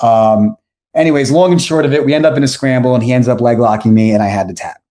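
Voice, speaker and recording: Speaking at a quick pace in a mid-range voice, a man in his forties appears as a podcast guest. He rambles through an animated anecdote in casual storytelling mode, frequently stopping to correct himself.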